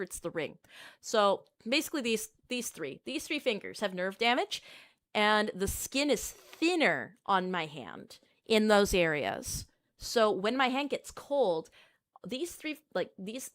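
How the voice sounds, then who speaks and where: A woman's voice: medium pitch, a bit bright, no room sound, studio quality. A young adult woman streamer telling a rambling personal story in casual chat, with plenty of filler words.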